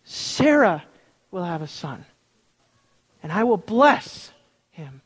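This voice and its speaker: A preacher acting out God as a calm, firm, gentle voice speaking to Abraham, lower and quieter than their own voice, with a long hall echo. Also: husky, full character voice. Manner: slow, measured, solemn. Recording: long reverb of a large hall.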